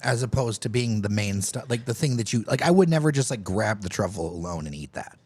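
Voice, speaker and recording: Lively, expressive man telling food stories. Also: lowish voice, a little fast, slightly rough. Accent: Detroit, Michigan. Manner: lively storyteller, enthusiastic. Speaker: podcast co-host. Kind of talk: casual chat.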